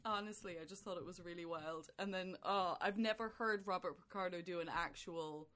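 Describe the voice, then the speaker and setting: A woman's voice: fairly low pitch, brisk. Woman, podcast co-host, casual movie chat, rambling, laughs a lot. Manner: animated, laughs often, rambling storytelling.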